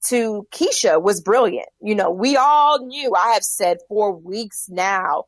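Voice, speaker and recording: A woman's voice: mid-range voice, expressive, slow pace, no echo. A woman co-hosting a casual TV recap show, giving emphatic, opinionated takes. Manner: opinionated, emphatic, laughs easily. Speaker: podcast co-host.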